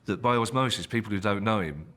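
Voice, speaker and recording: A man giving a measured, admiring reflection as a documentary contributor in an interview. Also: lowish voice, a bit bright.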